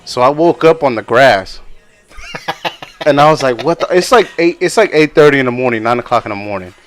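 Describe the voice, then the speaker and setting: With soft music in the background, a young male podcast co-host rambles through casual stories, laughing frequently and voicing other people's quotes. He speaks briskly in a mid-range, fairly bright voice with lively intonation.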